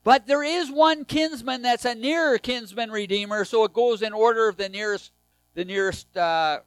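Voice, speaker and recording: A man preaching a sermon, reading scripture aloud, swinging between raised emphasis and hushed, tender lines. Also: very high voice, normal speed, clear, resonant tone, soft background music, low-quality recording.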